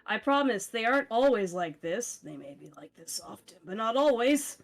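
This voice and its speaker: A woman's voice: fairly high pitch, big pitch swings, moderate pace, soft background music. A woman narrating a tabletop game as game master, casual and loose, swearing often.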